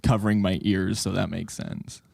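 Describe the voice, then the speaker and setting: A young man co-hosting a podcast, chatting casually with giggly, deadpan absurd humor. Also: deep voice, normal speed, vocal fry, dry recording, clean studio sound. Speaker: podcast co-host. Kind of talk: casual chat.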